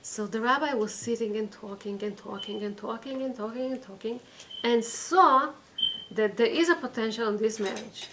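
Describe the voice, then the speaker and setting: A woman who teaches a weekly Torah class tells a story in a lesson, acting out the quoted voices and repeating phrases for emphasis. Her voice is on the high side and a bit bright, at a moderate pace, on a low-quality recording with a little hiss or hum.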